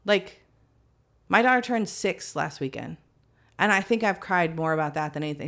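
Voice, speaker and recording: A woman in her thirties with a fairly low voice talks candidly about family life as a podcast guest. She tells stories animatedly, her pitch swinging widely as she pokes fun at herself. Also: moderate pace. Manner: animated, candid, self-mocking storyteller with big pitch swings. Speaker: guest, mother of three.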